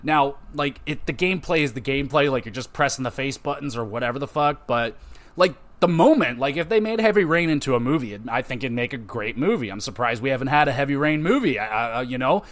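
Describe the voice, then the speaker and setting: A man hosting a gaming podcast, recapping a game in a loose, profane, rambling way and briefly acting out characters' lines. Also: medium pitch. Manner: profane, rambling, animated retelling with quick impressions. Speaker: podcast host. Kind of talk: casual game podcast monologue.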